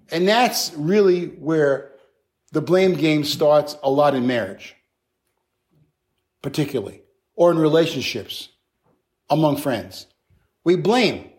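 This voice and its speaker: A male pastor preaching a sermon in an animated, conversational way, with playful acted asides. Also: on the high side.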